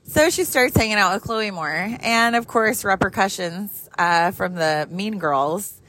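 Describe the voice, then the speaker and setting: A mother in her thirties tells a story while driving her car, casual and animated, cursing freely and laughing a lot. Her voice sits at a medium pitch, and she keeps a measured pace.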